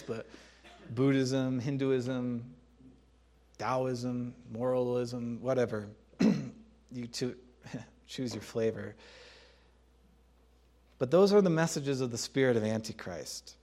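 A man preaching a sermon in a conversational, emphatic way, repeating key phrases and pausing to clear his throat. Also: medium pitch, warm tone. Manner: laughs and clears throat between points.

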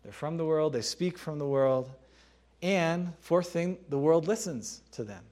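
A man's voice: a little high, measured pace, a little mellow. Conversational man preaching a sermon. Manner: conversational, emphatic with repeated phrases; laughs and clears throat between points.

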